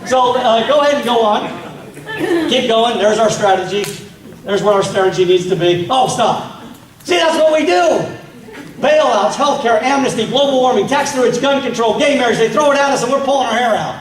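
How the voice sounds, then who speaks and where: Heard from a distance in an echoing meeting hall, this male political speaker rallies his audience with rhetorical questions during a fiery address. His pitch is extremely high and his pace normal.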